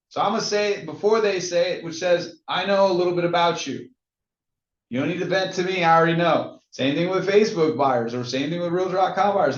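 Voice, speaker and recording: Energetic sales coach man, echoey room. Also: a little high, fairly quick. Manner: energetic, acts out call scripts in lively voices. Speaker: real estate sales coach. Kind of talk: coaching talk to agents. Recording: echoey, dull-sounding room recording.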